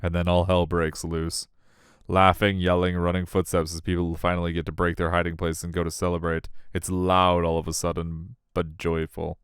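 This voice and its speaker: A man's voice: deep voice, monotone, moderate pace, clear, resonant tone, no echo, studio quality. A man reading a visual novel aloud, wry and self-deprecating as the narrator. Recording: faint music behind.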